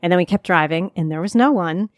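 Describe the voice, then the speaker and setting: A woman's voice: on the low side, quick pace, no room sound. Woman host, Jersey accent, middle-aged, rambling friendly podcast chatter on a dead-dry mic. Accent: New Jersey. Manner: chatty, self-deprecating, rambling asides. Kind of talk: chatty local podcast talk.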